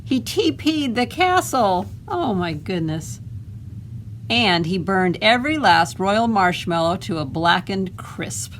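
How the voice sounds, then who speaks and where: A woman librarian reading a picture book aloud to children, gently stopping to ask them questions. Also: mid-range voice, lively intonation, takes it slowly, slight background noise, rough recording.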